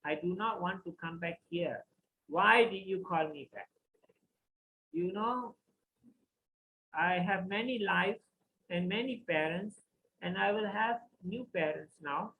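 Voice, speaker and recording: A man voicing a calm son who speaks matter-of-factly about his many lives. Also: high-pitched, slow, long pauses, slight background noise, exaggerated voice, poor audio. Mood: detached. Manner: matter-of-fact, gently questioning. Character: calm reborn boy, a soul moving on.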